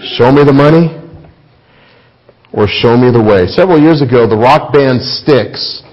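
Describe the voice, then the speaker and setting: A man's voice: medium pitch, a little slow, dull audio. A man preaching a sermon, emphatic, rising and dropping his voice for effect. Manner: emphatic, rises and falls for effect. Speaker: pastor.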